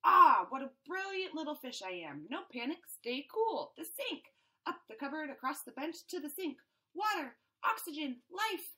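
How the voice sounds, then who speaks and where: A woman's voice: high-pitched, sing-song, normal speed, sharp tone, heavily acted. A woman reading a picture book aloud, voicing a melodramatic little fish stranded out of water that gasps theatrically. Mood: panicky. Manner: theatrical, over-the-top gasping. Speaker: storybook reader.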